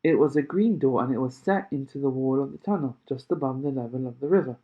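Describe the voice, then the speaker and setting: A man reading a children's novel aloud chapter by chapter, with expressive storytelling. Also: mid-range voice, fast talker. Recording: tinny phone-like sound.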